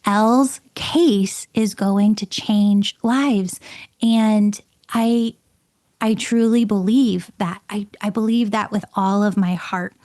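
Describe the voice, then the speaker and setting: Host: middle-aged woman, mid pitch, emphatic and excitable storyteller. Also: slow. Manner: emphatic, excitable, repeats words. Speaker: podcast host and medium. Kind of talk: personal storytelling monologue.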